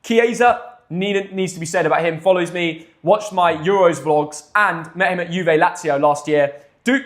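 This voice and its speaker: A young man hosting a live football stream, excitable and jumping between loud hype and quick asides. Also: high-pitched.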